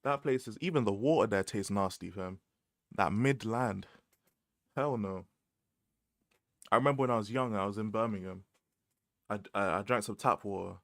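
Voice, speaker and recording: A young man with a London accent riffs on a livestream, slangy, laughing and repeating himself. His voice sits a little low, and the sound is close and dry with no room. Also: normal speed, creaky, pauses often, no room sound. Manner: slangy and animated, laughs often, repeats phrases. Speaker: livestream host. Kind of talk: casual livestream chat about football.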